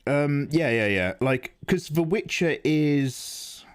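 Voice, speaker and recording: A man chats loosely with his livestream audience, rambling from one thought to the next. His pitch moves lively up and down, and he often breaks into laughter. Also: slow, smooth. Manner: animated, rambling, laughs into his own impressions. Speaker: livestream art streamer. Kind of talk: casual livestream chat.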